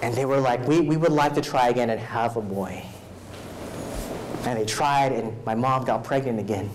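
A man preaching as pastor at a live evening worship service. He reads scripture aloud, pauses to have the congregation fill in words, and grows louder when preaching but drops soft and low for personal stories. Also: noisy background. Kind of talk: sermon.

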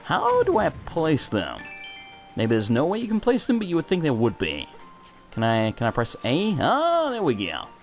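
Young guy gaming and ranting at himself, kinda high voice, game music low in the back. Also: moderate pace. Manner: sweary, self-mocking, excitable. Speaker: let's play host. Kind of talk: let's play commentary. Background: faint game music.

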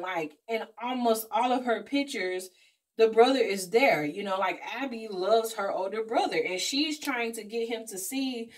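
Animated woman recapping a movie plot. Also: a little high. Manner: animated storytelling, slangy asides, acts out characters' lines. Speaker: beauty vlogger reviewing a movie. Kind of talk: casual chatty plot recap.

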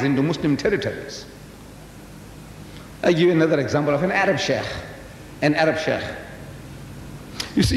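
An old man in his seventies lecturing in a storytelling way, his pitch rising and dipping all the time. He keeps turning to the audience with rhetorical questions. His voice echoes through a big hall over a faint hiss. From South Africa. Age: 70s. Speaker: Muslim lecturer. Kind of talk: religious public lecture.

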